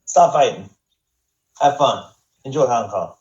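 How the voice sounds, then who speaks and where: A man's voice: mid-range voice, lively intonation, a little slow, darkish tone, lightly acted. A man voicing a rich older businessman who lectures two young men bluntly, in a raised, scolding delivery. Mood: lecturing. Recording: roomy, dull podcast audio.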